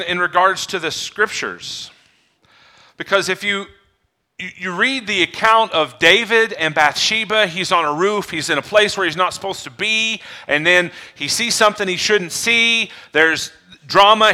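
A man, a pastor, preaching a sermon in a conversational way that builds to loud, excited delivery. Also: high-pitched.

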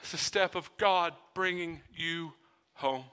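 Male pastor, sermon delivery, unhurried and emphatic, bright edgy tone. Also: a little high, smooth. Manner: emphatic, with drawn-out repetition.

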